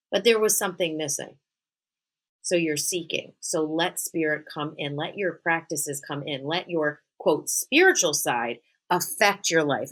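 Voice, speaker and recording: A woman's voice: low voice, fairly bright tone, breathy edge. A woman hosting a solo spiritual podcast, earnest and encouraging as she talks straight to her listeners. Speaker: podcast host, spiritual medium.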